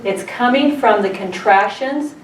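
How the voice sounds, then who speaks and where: A woman's voice: medium pitch, measured pace. A middle-aged woman teaching a childbirth class, telling stories and putting questions to her students. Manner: storytelling, asks the class questions. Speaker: childbirth educator. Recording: roomy, distant, faint room noise.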